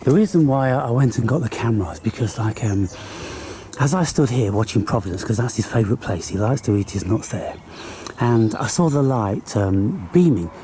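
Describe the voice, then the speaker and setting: A man talks casually to his camera outdoors, rambling and coaxing the birds around him in a singsong way. Faint birdsong and rural ambience sit behind his everyday mid-pitched voice. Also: animated, moderate pace, background noise. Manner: chatty, coaxing animals in a singsong voice. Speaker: vlogger. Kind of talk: casual outdoor vlog talking to birds and squirrels. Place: outdoors in a garden or woodland.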